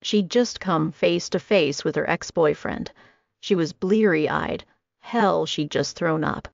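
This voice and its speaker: A woman's voice: low voice, takes it slowly, gravelly, dry recording. A woman narrating a first-person audiobook romance in a wry, comic storytelling manner. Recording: dry, dull lo-fi recording.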